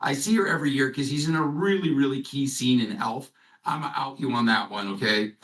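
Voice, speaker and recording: A man hosts a call in a loose, rambling way, cracking jokes and drifting through anecdotes. His voice sits at an ordinary pitch for a man. He sounds set back from the microphone. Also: fairly quick, fairly bright tone, far from the mic, rough recording. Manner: rambling, joking storyteller. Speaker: host of a company call. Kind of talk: casual conference call chat.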